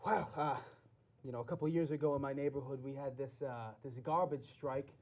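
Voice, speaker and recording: In a comedy sketch, a man plays a nervous, simple-minded mechanic of forty-one with a New Jersey accent. His natural, mid-range voice holds a steady tone, brisk and a little mellow. The character rambles, fidgets, and keeps repeating himself.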